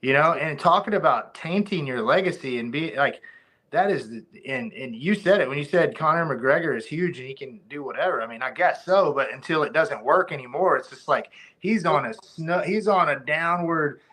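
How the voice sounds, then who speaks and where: A man's voice: a little high, lively intonation, normal speed, pushed and bright. Rambling man on a podcast. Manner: rambling, many restarts, laughs easily. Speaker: podcast guest, former fighter. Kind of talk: casual podcast chat.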